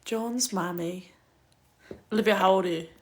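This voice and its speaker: At a medium pitch and normal speed, a young woman from Kent, England, chats on a livestream, with a little hiss or hum in the audio. Her storytelling is casual, stuffed with fillers like "like" and lots of swearing.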